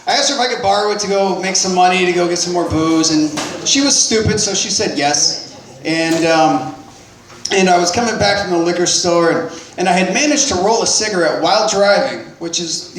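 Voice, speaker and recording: A man's voice: high voice, brisk, echoey room, slight background noise, poor audio. A man telling a personal story in a casual, profane, self-deprecating way, with lots of restarts.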